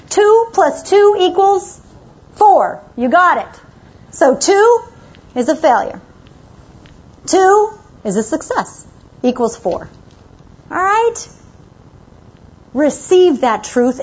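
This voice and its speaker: A woman with a high voice delivers a motivational talk to an audience, pressing her points with emphatic, repeated commands. The recording is muffled and lo-fi. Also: darkish tone. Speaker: motivational speaker.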